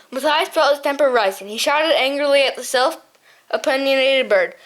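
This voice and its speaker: A woman's voice: sits high, moderate pace. A woman reading a children's novel aloud as an audiobook narrator, often stumbling and restarting words. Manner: hesitant, frequent slips and restarts.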